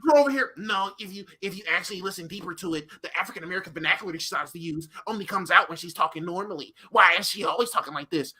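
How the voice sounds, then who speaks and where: A man's voice: high-pitched, rapid-fire, few pauses, bright, forceful tone, slightly rough. A man co-hosting a podcast, ranting emphatically and swearing often in casual chat. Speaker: podcast co-host.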